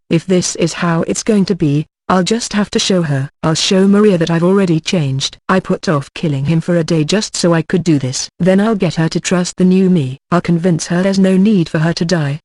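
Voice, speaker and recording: A text-to-speech voice narrating an audiobook in the first person, with a steady, even, machine-like read. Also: medium pitch, no echo.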